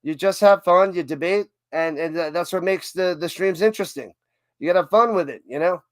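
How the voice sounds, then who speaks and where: High-voiced guy rambling football talk on his stream, dry close mic, keeps restarting his sentences. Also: fairly quick, no echo. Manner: rambling, self-interrupting, chatty. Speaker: livestream host. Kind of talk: casual live-stream football chat.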